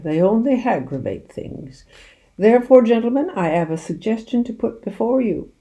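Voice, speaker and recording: A woman's voice: mid-range voice, mellow, voice pushed up, close to an everyday voice. A woman reading aloud, voicing a jovial, crafty country police sergeant with folksy, mock-polite speech.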